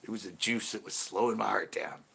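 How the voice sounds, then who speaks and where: A man with a fairly low voice tells a long, rambling story to his live chat. He stops and restarts his sentences often. His tone stays casual and animated throughout. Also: fairly quick, creaky, breathy edge. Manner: animated, lots of restarts and self-corrections. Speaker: channel host talking to live chat. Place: home porch.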